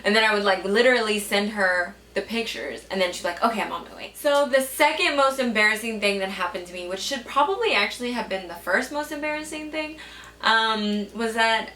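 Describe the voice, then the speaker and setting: A woman's voice: on the high side, animated, a little fast, sharp tone, far from the mic, slight background noise. A young woman vlogger telling stories casually to the camera. She swears a lot and fills her speech with "like.". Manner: chatty, swears a lot, says "like" often. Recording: echoey room, a bit off-mic.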